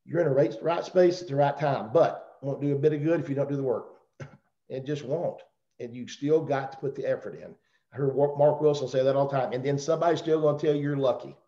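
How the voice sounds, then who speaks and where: With a medium-pitched, warm voice and a quick pace, a middle-aged Southern man rambles and cracks jokes in a motivational talk. He's a guest speaker on a company video call whose audio is roomy and dull.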